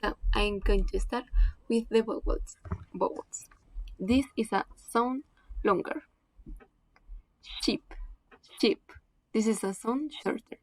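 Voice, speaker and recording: A woman giving a slow classroom presentation on phonetics, saying each example word twice with careful deliberation. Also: a little high, no echo, poor audio.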